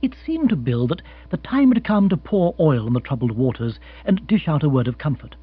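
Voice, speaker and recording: A man's voice: a little high, sing-song, fairly quick, few pauses, breathy edge. A man giving scripted comic narration of an audiobook in a dry, understated way. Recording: tinny phone-like sound with mains hum.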